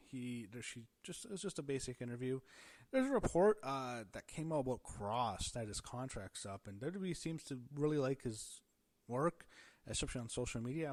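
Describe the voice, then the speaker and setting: A man talking through a wrestling episode in a loose, offhand way, pausing on fillers and restarting his sentences. His voice sits at an average pitch for a man. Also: a little mellow. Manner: rambling, thinks aloud with fillers and restarts. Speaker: wrestling show reviewer. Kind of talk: casual recap commentary.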